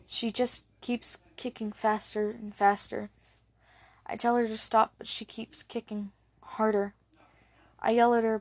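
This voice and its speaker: A woman narrating an audiobook in a measured, low-key reading voice. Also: darkish tone, dry recording.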